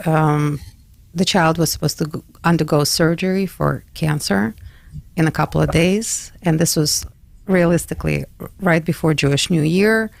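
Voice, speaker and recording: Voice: mid-range voice, moderate pace, creaky, no echo. A radio host recounting a personal story in a conversational interview, with frequent fillers.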